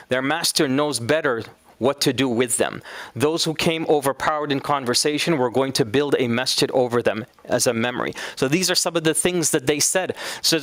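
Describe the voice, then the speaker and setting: A man's voice: a little high, normal speed, a bit bright, no echo. A man teaching an Islamic studies class in a casual, conversational way, now and then acting out quoted speakers.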